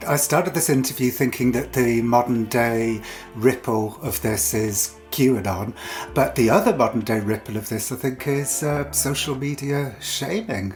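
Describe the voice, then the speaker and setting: A man hosting a podcast, narrating and interviewing in a thoughtful, conversational way. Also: mid-range voice.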